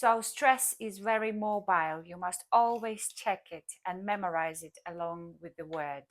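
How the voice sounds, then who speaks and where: A woman teaching a language lesson, speaking in a careful, clearly enunciated way. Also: lowish voice, unhurried.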